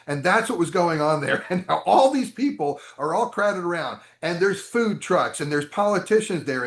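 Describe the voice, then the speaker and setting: A man telling long stories as an interview guest, chatty and animated, with many asides. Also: on the high side. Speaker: interview guest, game designer. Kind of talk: storytelling interview answers. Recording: roomy echo.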